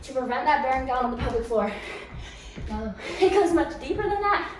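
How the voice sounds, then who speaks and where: A woman's voice: high voice, sing-song, brisk, over music. A woman leading a follow-along home workout, cueing moves, counting down and encouraging, a little out of breath at times. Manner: encouraging cues with counting and laughs. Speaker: fitness instructor. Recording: very echoey room, distant mic, faint noise.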